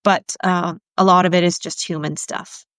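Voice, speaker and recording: Smooth-voiced woman therapist, candid. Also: lowish voice, moderate pace, no room sound. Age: middle-aged. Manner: candid, animated storyteller acting out quotes. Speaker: sex therapist. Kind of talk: conversational storytelling.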